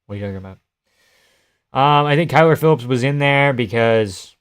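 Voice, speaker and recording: A man's voice: medium pitch, expressive, a little fast, pauses often, smooth. A young man on a casual live stream, chatting loosely and swearing while he reacts to fights and answers his chat.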